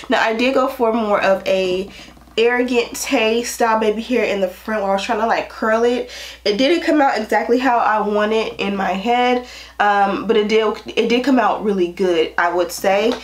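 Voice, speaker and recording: Stuffy-nosed woman, beauty vlogger, chatty tutorial talk, relaxed asides. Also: mid-range voice. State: congested with a cold. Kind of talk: casual wig tutorial talk.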